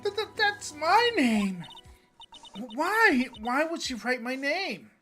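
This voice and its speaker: A player voicing a jumpy, anxious young woman who talks in a high, stammering voice, over soft game music. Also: very animated, takes it slowly, heavily acted. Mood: panicked. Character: young female spirit medium, jumpy and anxious.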